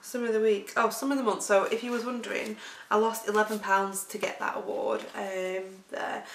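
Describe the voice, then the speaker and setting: A woman's voice: medium pitch, fairly even intonation, normal speed, a little hiss or hum. A woman with a Lancashire accent, vlogging in a rambling, chatty way and laughing through her stories. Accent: Lancashire English. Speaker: weight-loss vlogger. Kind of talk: rambling casual storytelling. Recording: roomy sound, distant from mic.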